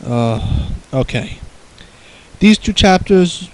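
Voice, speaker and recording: A man's voice: high voice, sing-song, slow pace, poor audio. A young man reading a bad fan story aloud with sarcastic, mocking asides. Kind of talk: comedic dramatic reading with commentary.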